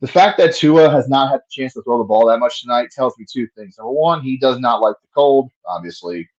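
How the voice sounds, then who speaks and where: A man's voice: mid-range voice, lively intonation, a little fast, highs cut off. A man giving casual play-by-play commentary on a fan livestream, profane and frustrated, ranting between plays.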